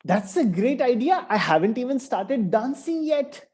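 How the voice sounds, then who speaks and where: A man's voice: very high-pitched, very animated, unhurried, breathy edge, voice pushed up, exaggerated voice. A man voicing a cheeky, playful young boy in a children's story. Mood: teasing. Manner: teasing, bright and bouncy.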